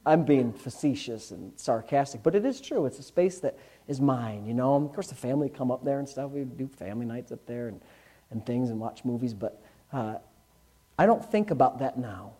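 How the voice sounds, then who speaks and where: In a medium-pitched, animated voice with a breathy edge, the pastor preaches at a moderate pace. His sermon feels candid and conversational, shifting between loud bursts and softer asides to the congregation.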